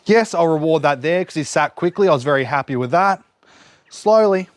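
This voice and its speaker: A man's voice: a little high, quick pace. A man demonstrating dog training outdoors, explaining each step while giving his dog short cues and praise. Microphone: camera set up nearby.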